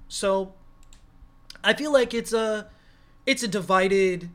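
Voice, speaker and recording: A man's voice: sits high, slow, a bit bright. A man co-hosting a podcast, talking casually in a rambling, profane way as he thinks aloud. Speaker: podcast co-host.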